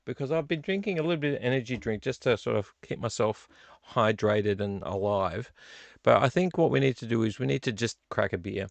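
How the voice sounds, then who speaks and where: A middle-aged man, chatting casually and rambling to viewers on his live stream from a home studio, with a gravelly voice. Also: mid-range voice, lively intonation, a little fast, dry recording. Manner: rambling, chatty, self-deprecating. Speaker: vlog host.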